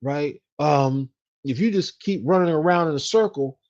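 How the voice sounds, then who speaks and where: A man's voice: fairly high pitch, normal speed, darkish tone, highs cut off. A man hosting a finance podcast, giving a casual motivational talk with lots of fillers and repeated "right?" tags. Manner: repetitive, says "right?" often, many fillers. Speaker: podcast host, financial specialist.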